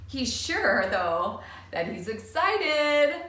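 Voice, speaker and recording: A woman, a preschool teacher, reading a storybook aloud to children with expressive, lively delivery. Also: high-pitched, extremely slow. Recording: echoey room.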